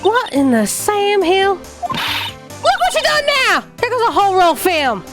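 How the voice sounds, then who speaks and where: A woman voicing a loud, feisty Southern country woman photographer with a put-on American Southern drawl. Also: very high-pitched, wildly swooping pitch, measured pace, faint music behind, voice pushed up, heavily acted. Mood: indignant. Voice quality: drawling, brash, yelling.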